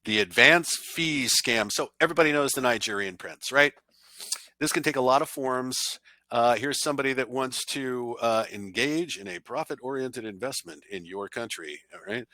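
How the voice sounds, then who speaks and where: A man's voice: medium pitch, normal speed, bright, forceful tone, dry recording. A man presenting a cybersecurity awareness training in a conversational style, giving blunt, emphatic warnings.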